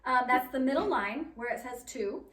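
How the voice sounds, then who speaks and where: A woman's voice: sits high, expressive, moderate pace, fairly bright tone. A woman directing a children's choir rehearsal, upbeat and encouraging as she counts the singers in. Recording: echoey room, mic at a distance, keyboard.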